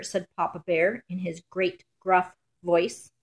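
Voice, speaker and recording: A woman reading a children's fairy tale aloud in a measured, rhythmic storybook manner. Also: lowish voice, fairly even intonation.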